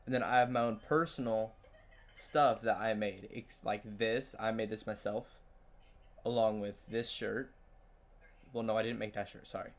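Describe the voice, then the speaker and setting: Male host, loose casual delivery, relaxed everyday interview talk. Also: on the low side, moderate pace, creaky. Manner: casual, loose, swears lightly. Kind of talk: casual interview and screen walkthrough.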